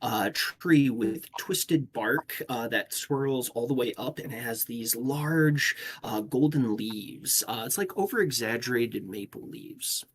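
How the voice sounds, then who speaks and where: A man's voice: mid-range voice, takes it slowly, hardly any pauses, a bit bright, slight background noise. A man serving as game master, narrating the scene with many hesitant fillers.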